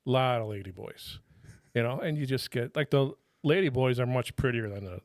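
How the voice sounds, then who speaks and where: A man in his fifties sits in as a podcast guest, spinning stories in loose, profane everyday talk. He often stumbles through restarts and breaks into laughter. His pitch sits mid-range and the sound is dry and close. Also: moderate pace, no room sound. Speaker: podcast guest, retired federal drug agent. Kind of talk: casual storytelling chat.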